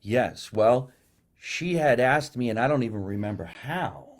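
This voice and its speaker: A man hosting a podcast, swapping comedy stories in animated, casual chat. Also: medium pitch, unhurried. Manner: animated storyteller, acts out quotes. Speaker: podcast host.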